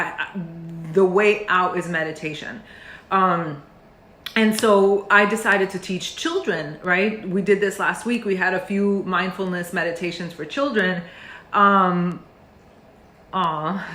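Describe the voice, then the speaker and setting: A woman's voice: lowish voice, fairly bright tone. Earnest woman speaking in a roomy space. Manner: earnest and emotional, with many fillers and restarts. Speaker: meditation teacher. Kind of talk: heartfelt talk to camera. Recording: roomy echo.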